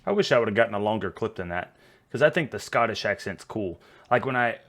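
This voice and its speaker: A man's voice: lowish voice, lively intonation, a little fast, fairly bright tone, a little hiss or hum. A Texan man hosting a reaction video, rambling and chatty, a little tipsy. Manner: rambling, chatty, laughs easily. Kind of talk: casual reaction commentary.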